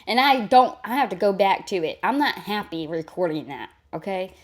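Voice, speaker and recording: A woman reacting live to a clip, mocking and cursing as she talks back at the screen. Her voice sits at an ordinary middle pitch for a woman. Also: expressive, moderate pace. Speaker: reaction streamer.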